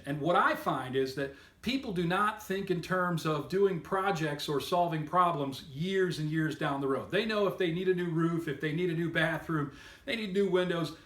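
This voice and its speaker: A man's voice: fairly high pitch, a bit bright, echoey room. A man giving an upbeat, emphatic sales training lesson, coaching listeners on method. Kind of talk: instructional talk to camera.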